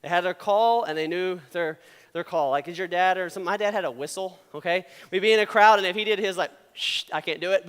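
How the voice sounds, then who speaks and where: A man giving a casual, animated sermon, talking with a conversational tone and frequent "okay?" asides. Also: high-pitched, clear, resonant tone, big-room sound.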